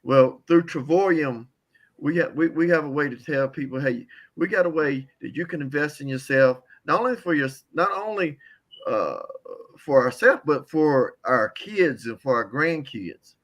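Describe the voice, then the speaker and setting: A man's voice: fairly high pitch, lively intonation. Older guy choked up sharing his testimony, stumbles and repeats himself, heartfelt. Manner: heartfelt, repeats words, halting. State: tearful. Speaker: caller giving a testimony. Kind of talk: emotional testimony.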